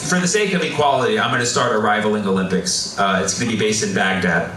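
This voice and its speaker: A man's voice: fairly low pitch, quick pace, very noisy. A male stand-up comedian doing a mocking set with crowd work, talking to the audience from a club stage. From Arab heritage. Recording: echoey club, distant mic. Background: audience laughter.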